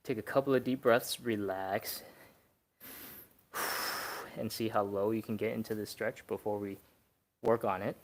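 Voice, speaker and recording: A man's voice: on the low side, steady tone, a little slow, pauses often. A young man casually leading a beginner stretching workout, explaining each position and counting down the holds. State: out of breath. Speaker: stretching instructor. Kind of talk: live-streamed workout instruction.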